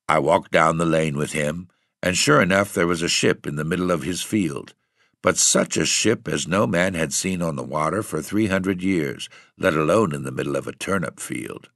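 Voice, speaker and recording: Guy reading a ghost story out loud, steady, gravelly low voice. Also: normal speed, no echo, clean studio sound. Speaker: audiobook reader.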